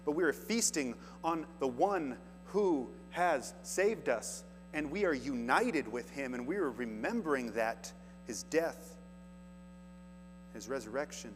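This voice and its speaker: Unhurried yet animated, a man at medium pitch preaches, giving scripture an earnest, rising emphasis; he is a pastor. The sound carries a long hall reverb along with faint music and mains hum.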